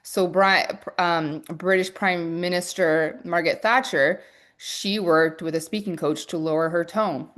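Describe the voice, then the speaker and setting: A woman coaching her audience on a live stream, with a voice a touch lower than most women's. She speaks quickly and with lots of energy, often restarting her sentences mid-thought and tumbling forward into the next point. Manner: fast-talking, energetic; restarts and fillers. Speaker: business coach. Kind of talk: live-stream teaching talk.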